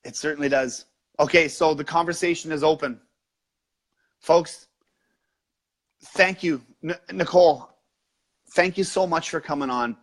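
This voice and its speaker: A man's voice: on the high side, a little slow, pauses often. A man hosting a podcast interview, supportive and responding with brief affirmations. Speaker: podcast host.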